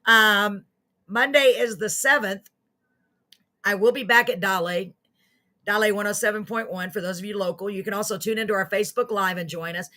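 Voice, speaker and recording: Bright-voiced woman hosting a live chat show. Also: mid-range voice, fairly even intonation, moderate pace. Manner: chatty, self-mocking, warm toward viewers. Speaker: host of a live online show. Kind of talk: casual livestream chat to viewers.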